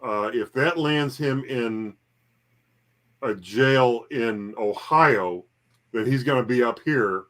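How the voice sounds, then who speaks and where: A man chatting as a guest on a livestream, halting and repeating words, with dry humor. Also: medium pitch, a bit bright. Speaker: guest reseller. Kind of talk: casual livestream chat.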